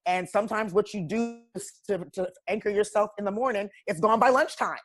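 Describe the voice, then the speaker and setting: A woman's voice: medium pitch, a little fast. Woman guest, wellness coach type. Emphatic, straight-talking, preachy. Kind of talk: casual podcast conversation.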